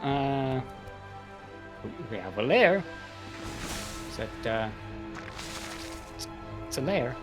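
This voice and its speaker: A man's voice: mid-range voice, very animated, extremely slow, pauses often, over music. A man casting a live strategy game tournament, giving running commentary in a goofy, playful way and laughing at his own jokes. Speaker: esports caster.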